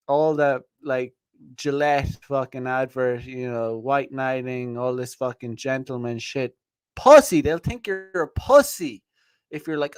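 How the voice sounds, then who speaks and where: A man's voice: a little high, no room sound, clean studio sound. A man hosting a podcast, talking in a blunt, profane, rambling way with many restarts and fillers. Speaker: podcast host. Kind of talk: casual livestream monologue.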